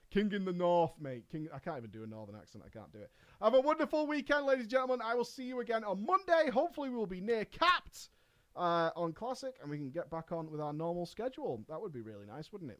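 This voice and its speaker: A man with a northern English accent hosting a casual live stream, exclamatory and quick to laugh. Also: fairly high pitch. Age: adult. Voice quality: animated, exclamatory, laughs often. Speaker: streamer host.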